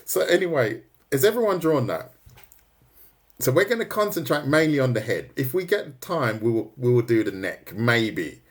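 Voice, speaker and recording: A man's voice: medium pitch, big pitch swings, moderate pace. A man giving a casual, joking drawing lesson on a livestream, teasing his viewers. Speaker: art teacher.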